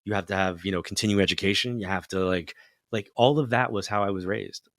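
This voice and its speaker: Low-voiced man telling stories, dry sound. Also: fast talker, no room sound. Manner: animated storyteller, acts out quoted voices. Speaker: psychic medium guest. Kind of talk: casual storytelling interview.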